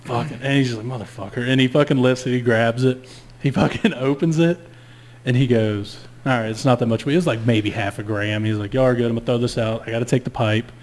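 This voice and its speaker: A man's voice: mid-range voice, fast talker. A man casually telling a long story on a podcast, swearing freely and acting out every line of dialogue himself. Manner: animated, profane, acts out both sides of dialogue. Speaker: podcast co-host.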